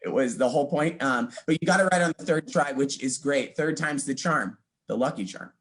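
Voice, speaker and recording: A man's voice: medium pitch, brisk. A man hosting, giving teasing, mock-encouraging feedback on a comedy set. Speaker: show host giving feedback. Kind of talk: casual comedy critique.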